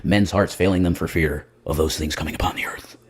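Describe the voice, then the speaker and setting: A man's voice: deep voice, steady tone, fairly quick, husky. A man, a self-styled reverend, doing a rambling, profane comedic monologue on a livestream. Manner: profane, rambling, jumps between loud and muttered.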